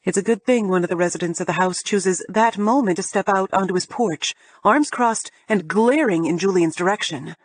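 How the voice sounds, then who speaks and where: A woman's voice: mid-range voice, moderate pace, hardly any pauses, no room sound. A woman narrating a first-person romance audiobook in a sardonic, profane, emphatic way.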